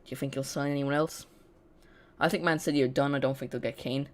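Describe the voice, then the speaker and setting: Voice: medium pitch, fairly even intonation, quick pace. A host giving rambling, casual live commentary on a football match and chatting directly to viewers. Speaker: football watch-along streamer.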